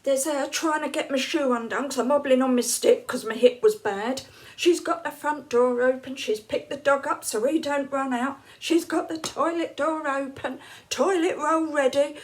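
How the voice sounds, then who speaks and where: An English woman in her late fifties chats to her viewers, telling stories and laughing along the way. Her voice sits a little high, and she acts out the lines other people said. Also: normal speed. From England. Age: late 50s. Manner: chatty, laughs often, acts out quoted lines. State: unwell, feeling hot and cold. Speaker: vlogger. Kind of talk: casual storytelling to camera.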